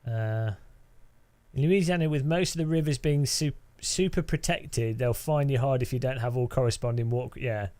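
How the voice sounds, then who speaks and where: A man's voice: mid-range voice, normal speed, mellow. A man talks to his live-stream chat while playing a game. He rambles, restarts sentences often, and laughs a lot. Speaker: gaming streamer.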